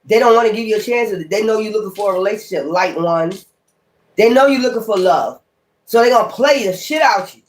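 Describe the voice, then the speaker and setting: A woman's voice: mid-range voice, brisk. A woman tarot reader talking straight to her viewers in a blunt, heated rant full of cursing. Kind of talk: casual profane rant to viewers.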